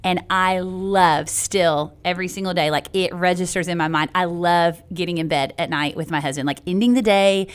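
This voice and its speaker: A woman's voice: fairly low pitch, steady tone, normal speed, hardly any pauses, clean tone. A woman, a podcast guest who talks in a bubbly, giggly way and often says "like". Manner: bubbly, giggly, self-deprecating, lots of "like". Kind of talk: casual interview chat.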